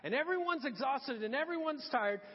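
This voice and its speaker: A man preaching a sermon as a pastor, telling the story with animated quotes. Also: extremely high pitch, fairly quick. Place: church sanctuary. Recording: dull sound with long hall reverb.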